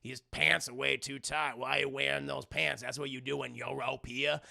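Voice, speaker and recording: A cantankerous old uncle, as a man puts him on, grumbling crude remarks in a lower, gravelly voice. His delivery is gruff and contemptuous. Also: little pitch movement, moderate pace, bright, forceful tone, heavily acted.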